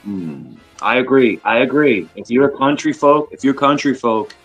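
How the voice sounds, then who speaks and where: A man's voice: medium pitch, lively intonation, moderate pace, a bit bright, breathy edge, faint music behind. A man from New York with a New York accent touched by Boston and a Southern twang, rambling and repeating himself in casual group chat. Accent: New York with some Boston and a Southern twang.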